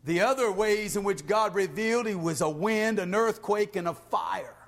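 A man preaching a sermon, reading scripture aloud and swinging from hushed whispers to shouted praise. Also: high-pitched, normal speed. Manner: reads scripture in King James style.

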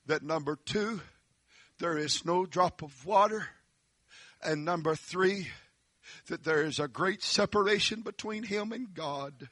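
High-voiced man preaching a dramatic sermon. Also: slow pace, pauses often, dry recording. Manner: dramatic, swinging from hushed tones to shouts.

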